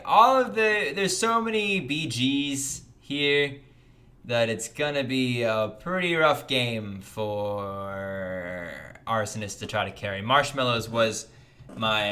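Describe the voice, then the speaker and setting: A young man from the United States with a standard American accent, chatting casually on a livestream and reading out donations. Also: sharp tone. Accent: General American. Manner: upbeat, jumps in pitch when greeting chatters. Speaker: livestream host.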